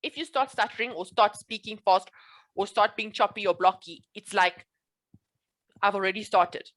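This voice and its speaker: A woman's voice: mid-range voice, normal speed, fairly bright tone. A woman working as a speech coach in a one-on-one session, earnest and reassuring as she explains things. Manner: earnest, reassuring, repeats promises.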